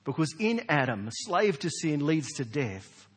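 A man preaches from the front of a large church, his husky voice rising and falling with lively emphasis. He talks to the congregation conversationally, tossing out rhetorical questions. A long reverb trails each phrase. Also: fairly high pitch, measured pace. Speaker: pastor. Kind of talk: sermon.

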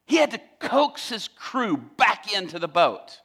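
A male preacher telling a story in a sermon, animated and playful, acting out the scenes. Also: high voice, measured pace, few pauses, breathy edge.

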